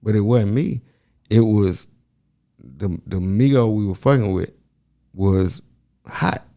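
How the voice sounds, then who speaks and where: A man speaking as a podcast guest, telling a story in a profane, animated way and acting out other people's voices. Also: fairly low pitch, takes it slowly. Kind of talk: casual storytelling.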